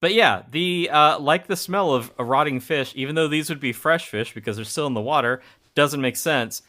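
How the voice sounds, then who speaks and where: A man's voice: a little high, normal speed, sharp tone. A man co-hosting a podcast, chatting casually about a movie with wry jokes and frequent laughs. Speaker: podcast co-host. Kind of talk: casual movie-review chat.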